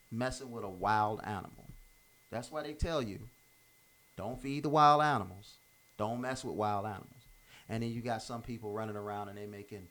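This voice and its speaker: Fairly low in pitch yet fairly bright in tone, a man offers life advice in an improvised motivational monologue. His delivery is emphatic and informal, full of repetition, restarted phrases, and dropped verbs.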